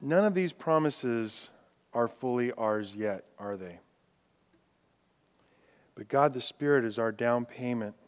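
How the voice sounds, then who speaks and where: A male pastor delivers a sermon, swinging between loud declarations and hushed, drawn-out words and reading scripture aloud with rising intensity. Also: mid-range voice, animated. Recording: long reverb from a large hall.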